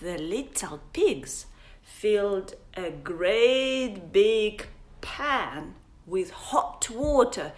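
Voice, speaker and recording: A woman's voice: mid-range voice, sing-song, slow. A woman, an English teacher playfully reading a picture book aloud to young children, with sound effects and whispers. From Russia. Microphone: phone on a livestream.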